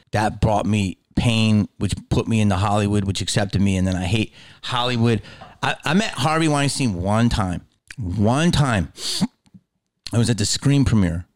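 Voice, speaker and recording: A middle-aged podcast host goes on a heated, expletive-laden solo rant, lurching between loud outbursts and low muttering.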